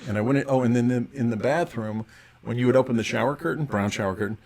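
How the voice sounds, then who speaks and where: A middle-aged man, a podcast guest, telling lively anecdotes in casual conversation and often restarting his sentences. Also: medium pitch, fast. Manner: animated anecdotal storyteller with frequent restarts. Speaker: podcast guest, actor and writer. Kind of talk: casual storytelling interview.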